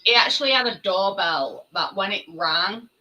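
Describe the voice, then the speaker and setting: Bright-voiced woman co-hosting a podcast. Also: mid-range voice, expressive, moderate pace, dull audio. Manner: chatty and self-mocking. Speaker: podcast co-host. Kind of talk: casual chat. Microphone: video call.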